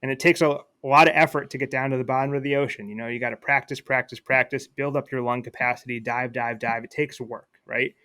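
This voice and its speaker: A man's voice: mid-range voice, steady tone, quick pace, hardly any pauses, pushed and bright, no room sound. A man, a podcast guest, talking casually and reflectively while telling a children's story, with fillers and restarts. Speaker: guest, attorney.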